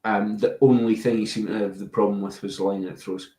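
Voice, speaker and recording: A man's voice: on the low side, flat delivery, a little fast, warm tone. A man co-hosting a casual podcast chat, enthusiastic with some hesitant ums. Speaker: podcast co-host. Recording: echoey room.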